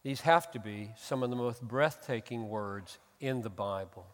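A pastor delivering an expository sermon, earnest and emphatic, swinging from hushed tones to loud exclamations. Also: male voice, medium pitch, a little slow, hardly any pauses. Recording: long hall reverb.

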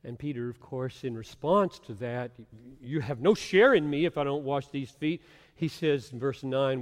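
A man's voice: medium pitch, lively intonation, measured pace. Dramatic preacher man in a reverberant hall. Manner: swings between hushed whispers and loud emphatic bursts. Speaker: pastor. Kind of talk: expository sermon.

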